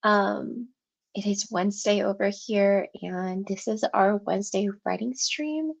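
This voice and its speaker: A woman's voice: medium pitch, unhurried, creaky, muffled recording. A congested, out-of-breath woman with a sore throat, hosting a writing livestream at home, chatting with viewers in a rambling way and laughing often. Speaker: livestream host for a writing session. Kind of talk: casual livestream chat with viewers.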